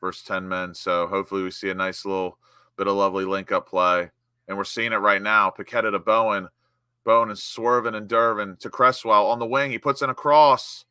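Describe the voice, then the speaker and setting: An excitable young man from the United States hosts a live match watchalong. He chats casually between plays, then erupts into loud, high cries when his side scores. His voice is bright and forceful, recorded dry and close with almost no room sound. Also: moderate pace, clean tone, no echo. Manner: chatty, bursts into excited shouts at chances and goals. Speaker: watchalong host.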